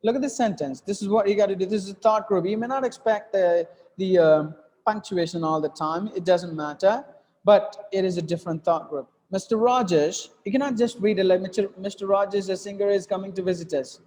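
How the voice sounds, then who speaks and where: A man's voice: high-pitched, a little fast, darkish tone, long reverb tail. A man teaching an English lesson while writing on a board, with many fillers and restarts, often repeating "look at that.".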